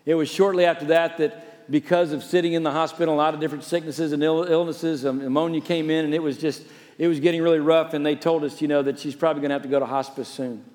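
A male pastor preaching a storytelling sermon, turning from emphatic to soft and hushed. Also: on the high side, fairly even intonation, fast, long reverb tail.

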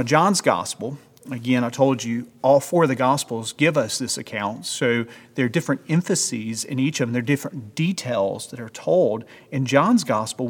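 A man preaching from the pulpit, earnest and emphatic, pressing his point with rhetorical questions. His voice sits at an everyday middle pitch. A long reverb trails after each phrase, as in a church hall. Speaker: pastor. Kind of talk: sermon.

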